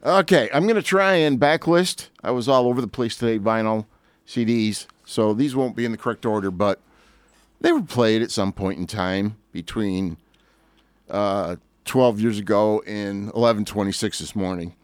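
A man's voice: fairly low pitch, moderate pace, clear, resonant tone, no echo. A man in his sixties, a radio DJ chatting in a rambling, easygoing way between songs, speaking into a close studio mic. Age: 60s. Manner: rambling, chatty, lively asides. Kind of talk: casual radio chat. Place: radio station record library.

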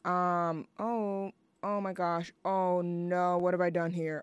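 A woman's voice: on the low side, measured pace, smooth, no room sound. Chatty young woman radio host. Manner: rambling, self-mocking, chatty with fillers. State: out of breath from dancing. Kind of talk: casual radio chat.

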